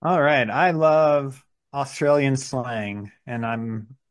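A man co-hosts a casual podcast, mid-pitched and even. His talk is loose and rambling, full of "like" and "um". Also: slow pace. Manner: rambling, lots of fillers. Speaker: podcast co-host.

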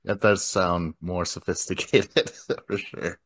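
Laid-back male podcast host, low voice, dry close sound, laughs easily. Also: steady tone, slow pace, a bit bright, no echo. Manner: laid-back, laughs often, swears casually. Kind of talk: casual podcast chat.

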